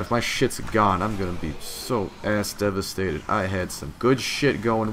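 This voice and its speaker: A man giving casual let's-play commentary, profane and grumbling, who bursts into loud frustrated yelling. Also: deep voice, normal speed, noisy background. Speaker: gameplay commentator.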